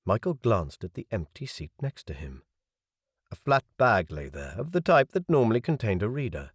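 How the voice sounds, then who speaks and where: A man's voice: sits low, very animated, unhurried, breathy edge, dry recording. A man narrating a novel in the first person, with wry, dry asides. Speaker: audiobook narrator.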